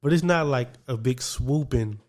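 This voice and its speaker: A young man with a drawl talks through a relaxed podcast conversation, lively and quick to laugh. He speaks at an ordinary middle pitch and keeps breaking into bits of his own inner self-talk. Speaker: podcast co-host. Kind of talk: casual chat.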